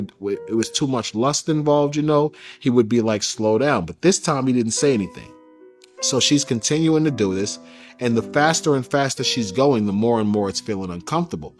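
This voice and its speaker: A man giving an interview, recounting a personal story in a candid, casual way with slang, getting animated when he quotes others. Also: mid-range voice.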